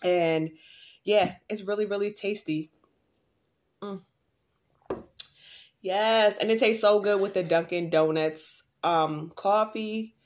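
A woman's voice: medium pitch, slow, pauses often, a little hiss or hum. A woman vlogging in a casual, rambling way, full of fillers and restarts, in a tired, groggy morning voice. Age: adult mother. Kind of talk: casual vlog chat.

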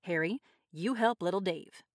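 Woman as a formal village official man, brisk, louder than the narration. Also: on the low side, no room sound, studio quality, lightly acted.

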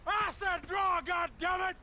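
A bitter old gunslinger from a video game, high-pitched and gravelly, yelling and daring others to draw. His speech is slow and swings widely in pitch. Steady game noise sits behind him. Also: full character voice. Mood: furious. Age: older. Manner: shouting, cursing, challenging to a duel. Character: bitter old male gunslinger, hot-tempered and vengeful. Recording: game audio with clear background noise.

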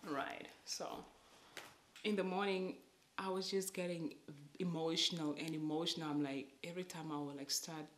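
A woman vlogger telling an emotional personal faith testimony, halting and sometimes dropping to a whisper. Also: sits low, little pitch movement, reverberant, a little hiss or hum.

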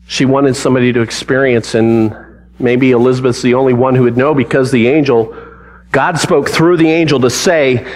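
A man with a high, light voice delivers a church sermon. He tells the story with drama and gets the congregation to repeat lines back to him. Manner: animated, dramatic storytelling with audience call-and-response. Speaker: preacher.

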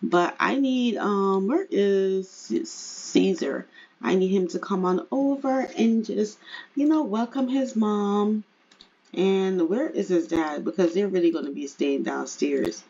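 Woman game streamer, slow chatty commentary, husky voice. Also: mid-range voice, warm tone, muffled recording. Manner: chatty, laughs often, addresses viewers. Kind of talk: casual gameplay commentary.

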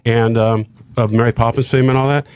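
An older man telling a long show-business story on a radio talk show, acting out the dialogue of the people in it with quick asides. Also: mid-range voice, clean tone, no echo. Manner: animated anecdote with acted-out dialogue and quick asides. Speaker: guest comedian telling a story.

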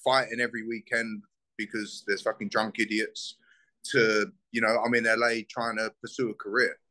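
A young bare-knuckle fighter from South East London with a South London accent speaks in a casual interview. His voice is bright and forceful. He talks bluntly, swears freely and gets heated. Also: fairly low pitch, little pitch movement, normal speed, rough recording.

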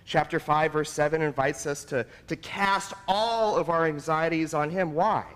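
A man's voice: fairly high pitch, normal speed, hardly any pauses, clear, resonant tone. Earnest male pastor in a reverberant church. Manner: earnest, personal and confessional. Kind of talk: sermon. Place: church sanctuary.

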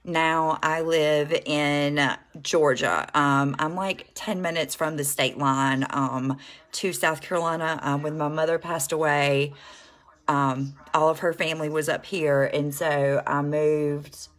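Low-voiced Southern woman chatting on a livestream. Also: fairly even intonation, slow. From American South. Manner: chatty, greets viewers, rambling with fillers. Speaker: makeup livestreamer. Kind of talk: casual livestream chat while doing makeup.

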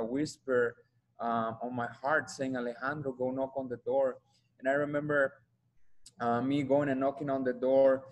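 Flat-voiced man with a Mexican accent. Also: mid-range voice, low-quality recording. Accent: Mexican Spanish. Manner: earnest, halting, repeats himself while searching for words. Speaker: guest speaker giving a testimony. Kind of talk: personal testimony.

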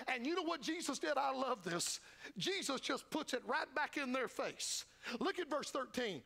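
A man's voice: very high-pitched, animated, moderate pace, creaky, pushed and bright. An older man preaching a revival sermon as a traveling evangelist, folksy and fervent, acting out the disciples' voices. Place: church sanctuary.

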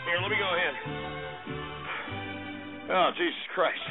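Rowdy high-pitched male radio host. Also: a little slow. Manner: rowdy, yelping, cursing, out of breath from stomping. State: out of breath. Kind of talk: comedic talk radio rant. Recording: tinny phone-like radio audio with faint music.

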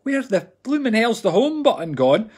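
A Scottish man talks to his live-stream viewers in a chatty, joking way, giving readings as a medium. His voice sits a touch high. It has a husky edge. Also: big pitch swings, normal speed, a little mellow. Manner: chatty, jokey, addresses viewers as folks. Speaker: psychic medium host.

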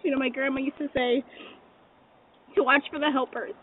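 High-voiced tearful young woman on a tinny phone. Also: little pitch movement, moderate pace. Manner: emotional, tearful and thankful. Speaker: delivery driver. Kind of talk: doorstep video. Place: outdoors at a front porch. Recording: tinny phone-like sound with clear noise outdoors.

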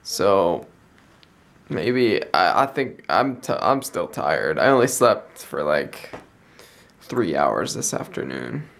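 A man's voice: deep voice, sing-song, slow pace, gravelly, a bit bright. A young man, vlogging in a chatty, rambling way and often correcting himself as he tells a story. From United States. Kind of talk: casual storytelling vlog.

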